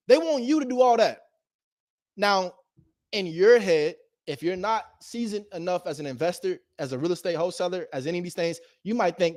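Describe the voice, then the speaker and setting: A man giving a casual motivational talk as a host, animated and slangy, swinging between loud emphasis and low asides. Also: moderate pace, dry recording, clean studio sound. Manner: slangy and direct, addresses viewers as bro. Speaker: real estate investor and video host.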